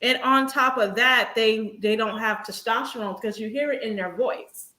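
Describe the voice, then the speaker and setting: A blunt woman rants in casual chat from an echoey room. Her voice sits a little high. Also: normal speed, bright, forceful tone.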